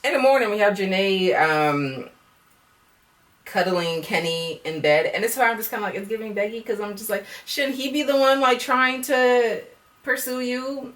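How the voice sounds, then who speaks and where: A woman's voice: medium pitch, moderate pace, a bit bright, recorded from a distance. A woman giving a blunt, sassy casual recap of a reality dating show, swearing freely.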